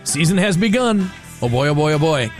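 A man's voice: fairly high pitch, big pitch swings, brisk, soft background music. A man hosting a talk radio show, giving an opinionated monologue in an exasperated, incredulous way and stumbling over restarts.

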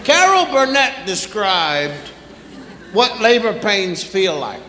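Male stand-up comic, high lively voice, unhurried, live hall echo with audience. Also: background noise. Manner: drawn-out, acts out sounds and voices. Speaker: stand-up comedian. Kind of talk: stand-up storytelling. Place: theater stage before a live audience. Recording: roomy live hall recording with crowd. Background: audience laughter.

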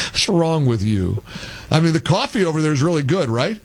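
Brief: middle-aged man, call-in radio host, animated and sarcastic. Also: a little high, very noisy. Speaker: radio talk show host.

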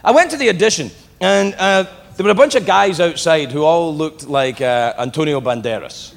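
A man's voice: a little high, normal speed, vocal fry, big-room sound. A man from Britain telling self-deprecating, profane stories in a stand-up comedy routine, with audience noise in the background. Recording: live audience and venue noise.

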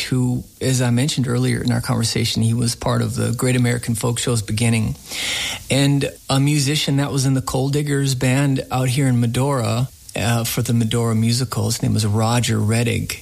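A man's voice: mid-range voice, creaky, darkish tone, rough recording. A man who hosts a radio folk program, telling rambling, folksy anecdotes in an interview.

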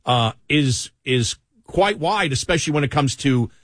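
A man with a Buffalo, New York accent co-hosts a talk radio show, chatting casually, laughing often and leaning on fillers. His mid-range voice is animated and fairly bright at normal speed, recorded dry on a studio microphone with clean sound.

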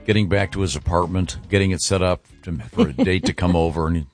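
Brief: low-pitched male radio co-host, meandering chat, faint music bed. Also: steady tone, fast. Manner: rambling, hesitant, full of restarts. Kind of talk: casual studio banter. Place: radio studio.

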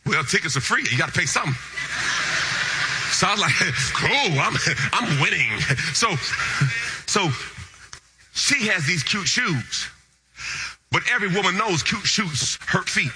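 A man preaching, telling a funny story with animated, lively delivery that jumps between low asides and excited high shouts. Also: unhurried, pauses often, noisy background. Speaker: pastor. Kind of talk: storytelling sermon.

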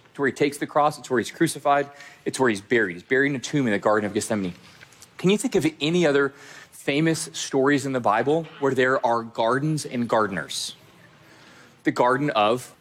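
A man's voice: mid-range voice, a bit bright. A man pastor preaching a sermon with emphatic direct address and repeated phrases.

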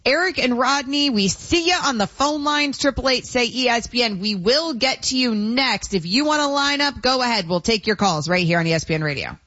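A woman's voice: on the high side, expressive, a little fast, hardly any pauses, fairly bright tone, no room sound. A woman hosting a sports talk radio show, chatty and opinionated, laughing often, heard on a muffled broadcast.

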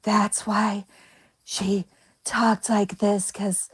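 A woman's voice: mid-range voice, little pitch movement, very slow, husky, dry recording, clean studio sound, exaggerated voice. A woman doing an impression of a classic film starlet, speaking with fewer stutters. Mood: sultry. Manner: stutters less in the put-on voice.

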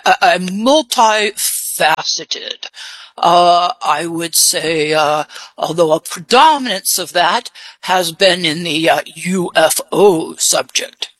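A woman speaking in a put-on English accent with a deep-pitched voice whose pitch swoops widely. She talks slowly and hesitantly, trailing off into fillers as a mystery guest on a radio guessing game, in a dry, close recording. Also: animated, a bit bright, dry recording. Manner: hesitant, halting with many fillers.

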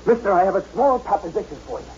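An actor playing a talkative, wisecracking ex-Marine from Brooklyn with a Brooklyn accent, narrating and leading a 1940s radio drama. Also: male voice, high voice, expressive, fast talker, a little mellow, a little hiss or hum. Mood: wry. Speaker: narrator and lead. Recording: dull old radio broadcast.

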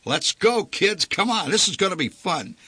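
Man doing a blustering excitable old father. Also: high-pitched, normal speed, husky, no echo, exaggerated voice. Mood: cheerful. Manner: loud, boisterous exclamations.

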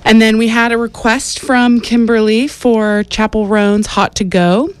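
A woman's voice: a little high, unhurried, clean tone, dry recording. A woman DJ back-announcing songs from a radio studio while she dances along. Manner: relaxed back-announcing of song lists; dancing while talking. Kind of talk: radio music show links.

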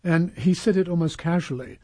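A man's voice: fairly high pitch, fairly quick, a little mellow, no echo, clean studio sound. A man interviewing a guest, asking casual, chatty questions. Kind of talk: conversational interview.

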